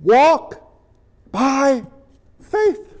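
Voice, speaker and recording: A man's voice: very high voice, big pitch swings, drawn-out words, a little mellow. A male pastor preaching a sermon with impassioned, emphatic delivery that often rises and gets worked up.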